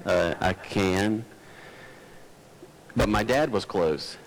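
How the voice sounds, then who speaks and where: A man's voice: fairly low pitch, extremely slow, poor audio. A male pastor preaching a sermon in an earnest, folksy way, climbing to emphatic peaks and then easing into personal stories.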